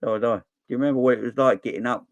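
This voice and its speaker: A man's voice: mid-range voice, steady tone, rapid-fire, no echo, muffled recording. A man in his forties from southern England, hosting a casual live stream and chatting back to viewer comments. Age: 40s. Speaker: fan channel host.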